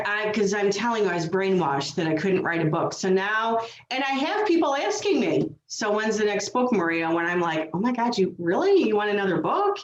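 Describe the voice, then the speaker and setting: A woman medium telling stories in a casual interview, lively and full of acted quotes. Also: mid-range voice, slight background noise. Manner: animated storytelling with acted quotes. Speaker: medium, guest. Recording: roomy, dull lo-fi sound.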